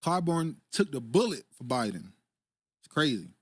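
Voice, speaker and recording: A man's voice: medium pitch, sing-song, normal speed, husky, no echo. Laid-back man reading live chat. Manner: laid-back, laughs often, reads viewer comments aloud. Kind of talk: casual political commentary.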